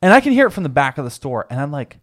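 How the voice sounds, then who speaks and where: A man's voice: a little high, very animated, very fast, a bit bright, no echo, studio quality. A man in his twenties hosting a podcast, telling a profane story in a loose, laughing chat. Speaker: podcast host.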